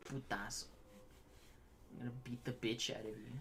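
A man's voice: medium pitch, fairly even intonation, moderate pace, a bit bright, a little hiss or hum. Wry young man teasing a friend. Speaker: podcast co-host. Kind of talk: casual podcast chat.

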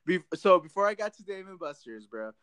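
A man's voice: high voice, very animated, fairly quick, fairly bright tone, clean tone, dry recording. A man co-hosting a podcast, telling casual stories full of swearing and "dude". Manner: profane, laid-back storytelling with lots of "dude". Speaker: podcast co-host.

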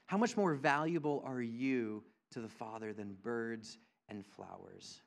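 A man preaching a sermon as a pastor, earnest and repetitive for emphasis, moving between hushed tender lines and loud emphatic ones. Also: medium pitch, unhurried, gravelly, hardly any pauses. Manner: earnest, repeats phrases for emphasis.

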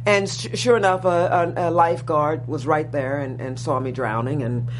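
Profane, animated woman storyteller with hum. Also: moderate pace. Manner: profane, animated, wide swings from low murmurs to loud exclaims. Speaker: interview guest. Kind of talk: storytelling in conversation.

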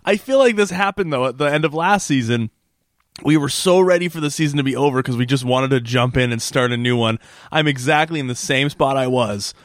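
A man's voice: mid-range voice, brisk, no room sound, studio quality. A man co-hosting a casual podcast, rambling through an episode recap, laughing often and restarting his sentences. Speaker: podcast co-host.

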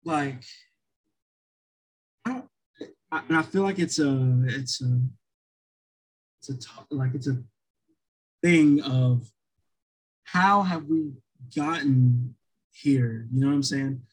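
A man's voice: mid-range voice, slow pace, long pauses, husky, low-quality recording. A man co-hosting a podcast in casual chat, rambling with many restarts and fillers.

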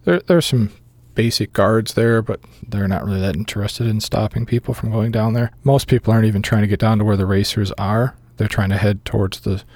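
A man running a tabletop game as game master, narrating scenes in a measured way with filler pauses. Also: lowish voice, steady tone, a little mellow, dry recording.

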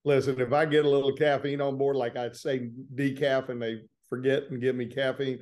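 A man with a Southern accent from Florida speaks in a relaxed, plain-spoken way. He tells stories about his courtroom work like a guest in an informal interview, at an ordinary middle pitch. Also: brisk. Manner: easygoing, plain-spoken storytelling. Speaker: trial lawyer guest. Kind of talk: casual interview.

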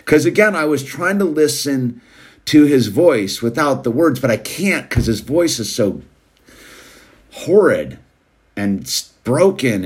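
A man's voice: medium pitch, slightly rough. A man hosting a show, rambling casually in a laid-back way and calling listeners "dude.". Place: California.

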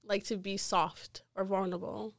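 A woman's voice: mid-range voice, level tone, normal speed, no echo, studio quality. Woman host asking reflective questions. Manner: asks reflective questions, affirming. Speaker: podcast host. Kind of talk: casual chat.

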